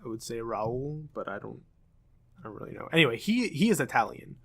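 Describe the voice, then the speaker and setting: A man's voice: medium pitch, big pitch swings, fast talker, vocal fry, husky. Young man rambling through explanations. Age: young adult. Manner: hesitant, filler-heavy explaining. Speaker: podcast co-host. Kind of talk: casual chat.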